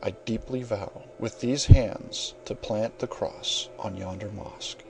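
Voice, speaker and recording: A proud, fiery general , voiced by an audiobook reader, declaims his passionate vows in grand, sweeping oaths. The voice is low and gravelly. Faint music plays under the reading. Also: moderate pace, rough recording. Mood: defiant fury. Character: proud, fiery male general, raging and vowing.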